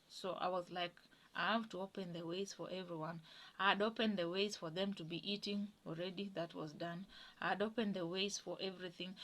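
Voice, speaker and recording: A woman's voice: on the low side, poor audio. A Kenyan woman in her thirties, telling a personal story in an interview and acting out the people she quotes. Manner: animated storytelling, voices quoted people, drops to whispers.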